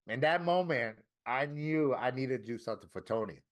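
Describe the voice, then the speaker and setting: A middle-aged man from Florida speaks at a medium pitch as a guest in an interview. He tells his story candidly and swears freely. He acts out what people said to him with animated quoted dialogue. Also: normal speed. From Florida, USA. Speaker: interview guest, tattoo artist.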